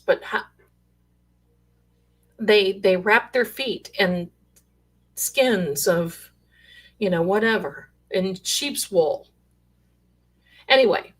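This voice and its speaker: A middle-aged woman telling rambling, animated stories in a casual way. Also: medium pitch. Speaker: storyteller sharing paranormal stories. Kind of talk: casual storytelling.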